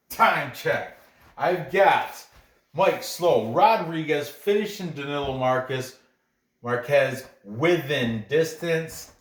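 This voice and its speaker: Male host, unhurried, rambling chat, roomy echoey sound. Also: mid-range voice, a bit bright, a little hiss or hum. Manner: rambling, trails off and restarts. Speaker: MMA betting picks host. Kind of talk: casual chat. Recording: roomy echo.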